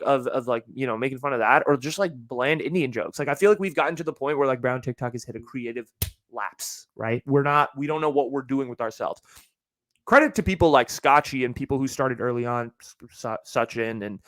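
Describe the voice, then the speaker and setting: A young adult man hosting his solo podcast, ranting in a casual, animated and profane way. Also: mid-range voice, dry recording, studio quality. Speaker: podcast host.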